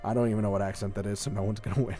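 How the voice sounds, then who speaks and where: A man's voice: fairly low pitch, fairly even intonation, racing, mellow, faint music behind. Rambling, enthusiastic man podcast host. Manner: rambling, filler-heavy, enthusiastic. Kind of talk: casual gaming podcast chat. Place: home room with a shelf of collectibles.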